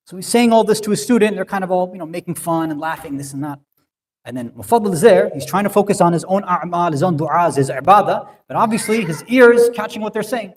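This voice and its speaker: A man's voice: sits high, animated, fast talker. A man giving a sermon-style talk, telling a story conversationally and often checking in with "right?". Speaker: speaker at an Islamic center. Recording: long hall reverb.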